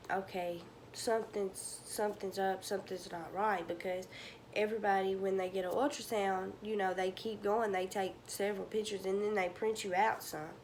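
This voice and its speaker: A young woman speaks to her camera in an ordinary middle pitch, emotional and halting. Her voice at times sinks to a whisper, and a faint hiss sits under the recording. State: tearful. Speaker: vlogger. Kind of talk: personal storytelling to camera.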